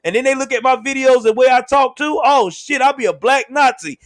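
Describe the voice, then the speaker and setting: A young man hosting a livestream, telling a story in a casual, laughing, animated way. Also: very high voice, a little fast, no room sound. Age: young adult. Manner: laughs often, animated, swears freely. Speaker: show host.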